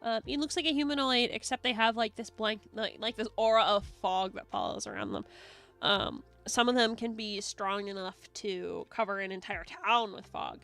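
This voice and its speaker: Bright, excitable woman streamer. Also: mid-range voice, normal speed, vocal fry, faint music behind. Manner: rambling, excitable, swears and giggles often. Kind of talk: casual stream chat.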